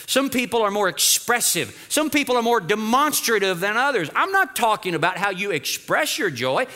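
A man preaching a lively sermon as pastor, urging the congregation to repeat phrases after him. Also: high-pitched.

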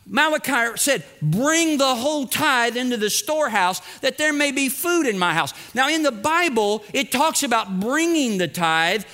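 A middle-aged pastor preaches with a notably high voice. His tone is bright and pointed, and he drives ideas home through repetition, slipping into short acted exchanges to make his case. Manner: emphatic, repeats for effect, acts out little dialogues. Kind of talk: sermon.

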